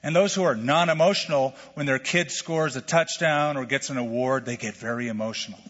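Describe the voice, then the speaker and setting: A middle-aged male pastor preaching a sermon in a lively, conversational way, full of questions to the congregation. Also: medium pitch, fairly quick. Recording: lo-fi sermon recording with long hall reverb.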